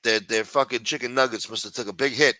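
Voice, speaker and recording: A livestream host talks with viewers late at night, his medium-pitched voice quick and sharp-toned. He speaks in a sing-song way and loads the chat with crude, joking banter.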